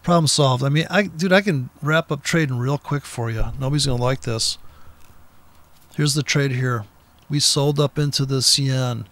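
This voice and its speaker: A man's voice: mid-range voice, normal speed, a bit bright. A man giving blunt, profane, combative trading commentary in an unscripted rant, speaking from a car with the window down.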